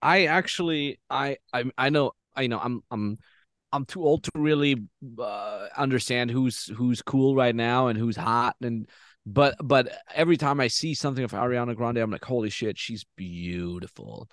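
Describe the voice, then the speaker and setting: A man's voice: medium pitch, normal speed, fairly bright tone, no room sound, studio quality. A man hosting a podcast, reacting casually and hesitantly, repeating his words. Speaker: podcast host. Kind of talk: casual interview chat.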